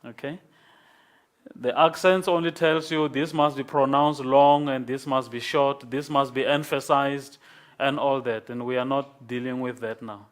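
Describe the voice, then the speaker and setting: A man lecturing a class, explaining slowly and patiently and checking in with "okay?". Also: mid-range voice, steady tone.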